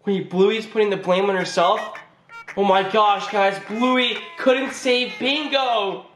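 A woman hosting a reaction video, shouting panicked exclamations at what she watches, in a roomy space with music behind. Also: medium pitch, steady tone, slow, a little hiss or hum. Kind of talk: excited reaction commentary. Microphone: headphones and desk mic.

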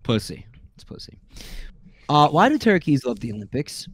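A man on a stream reading out a list of jokes in a weary, deadpan way, sounding exasperated. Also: on the high side, moderate pace, a little hiss or hum. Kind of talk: casual stream chat.

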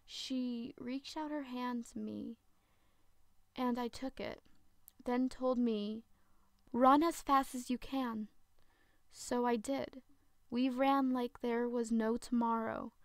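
A woman narrating a first-person horror story in a dramatic, slow storytelling way. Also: fairly high pitch, fairly even intonation, darkish tone, dry recording, studio quality.

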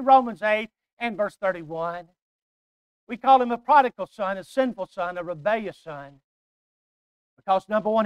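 An older man preaching a sermon, emphatic and repetitive, swinging from hushed asides to loud declarations. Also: sits high, clear, resonant tone, no room sound.

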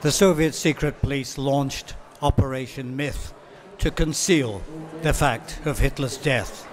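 Man translator giving a measured talk. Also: medium pitch. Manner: measured reading, occasional ums and self-corrections. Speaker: literary translator. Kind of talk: book-fair talk with read excerpts.

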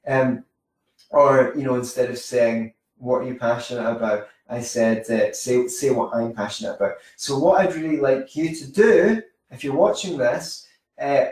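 A man teaches social skills in a loose, rambling way, full of anecdotes and self-corrections. His voice is mid-pitched and comes from a distance, in a strongly echoing room. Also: moderate pace, darkish tone. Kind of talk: informal teaching monologue. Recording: very echoey room, mic far off.

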